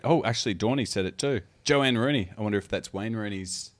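A man's voice: lowish voice, a little fast. A man, co-hosting a casual chat, teasing and telling stories. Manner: teasing, animated storyteller. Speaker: co-host. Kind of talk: casual chat reading comments.

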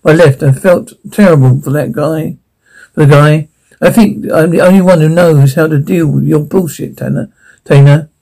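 An actor in a TV drama playing a loyal Air Force buddy who talks to his friend at a bedside in a halting, rambling, joking but tender way. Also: fairly high pitch, gravelly, mellow, rough recording. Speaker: visiting friend. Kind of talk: TV drama acting.

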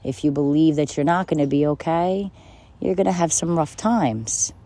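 Speaking at a normal speed in a mellow, mid-range voice, this self-help speaker gives a casual motivational talk. He's blunt, repeats himself, swears frequently, and breaks into laughter often.

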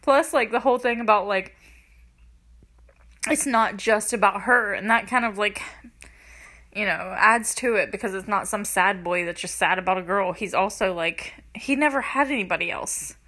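A woman's voice: mid-range voice, moderate pace, pushed and bright. A young woman casually recapping a movie scene by scene, chatty and gushing, filling her talk with "like" and laughing between lines, close to tears. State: teary, close to crying. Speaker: movie reviewer.

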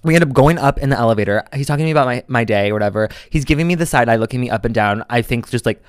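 Fast-talking young man telling a story. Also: mid-range voice, clear, resonant tone, no room sound, studio quality. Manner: animated storyteller, acts out quoted voices, many likes. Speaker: podcast co-host. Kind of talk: casual storytelling chat.

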